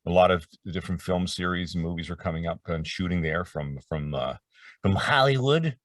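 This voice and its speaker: A middle-aged man, a voice actor appearing as an interview guest, tells stories in a low, brisk voice, rambling, cutting himself off mid-sentence, and acting out what people said. The casual interview audio is studio quality with no echo, though the mic sits at a distance.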